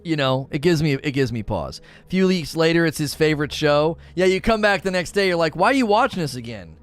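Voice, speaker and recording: A man's voice: on the high side, fairly quick, smooth, faint music behind. A man in his thirties chatting casually on a live stream, answering chat with frequent laughter and playful asides. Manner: animated, laughs often, slips into playful character voices.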